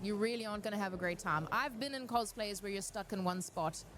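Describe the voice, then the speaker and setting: On a cosplay panel, a woman with a mid-range voice talks fairly quickly, offering earnest, encouraging advice and telling stories in an animated way.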